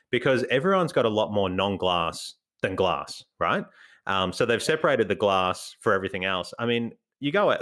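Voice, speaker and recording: A man co-hosting a podcast in casual chat, laughing often and reading news aloud slowly. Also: lowish voice, a bit bright. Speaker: podcast co-host.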